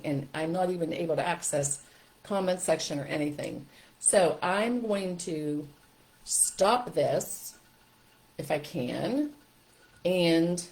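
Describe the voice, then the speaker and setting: An older woman teaching a live video lesson as a parenting coach, animated and chatty. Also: on the low side.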